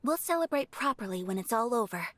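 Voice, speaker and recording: A man voicing a calm, calculating noble strategist in a game, measured and composed. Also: extremely high pitch.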